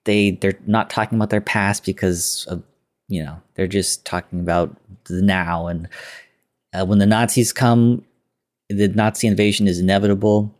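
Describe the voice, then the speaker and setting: Male podcast host, slightly low-pitched, rambling casual recap. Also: steady tone, moderate pace, darkish tone. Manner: loose retelling with quoted lines and filler words.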